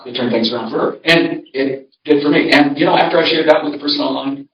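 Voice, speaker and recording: An older man pastor talks through a church seminar in a loose, storytelling way, often restarting his sentences. His voice sits a little high. It sounds roomy and dull, picked up from some distance in a church hall. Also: fast, slight background noise. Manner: conversational, storytelling, frequent restarts. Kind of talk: folksy seminar talk.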